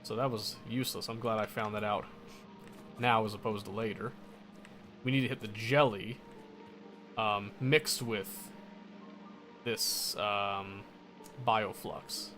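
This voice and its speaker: A man's voice: on the low side, fairly even intonation, takes it slowly, long pauses, pushed and bright, faint music behind. A man casually commenting on his own gameplay, muttering to himself and correcting his mistakes as he goes. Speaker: gameplay streamer.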